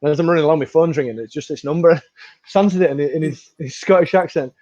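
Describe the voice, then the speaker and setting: A man hosting a podcast, telling stories in an enthusiastic, relaxed chat. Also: fairly high pitch, quick pace, no room sound. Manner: chatty storyteller, relaxed and enthusiastic. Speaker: podcast host. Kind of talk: casual chat. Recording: dry, dull lo-fi sound.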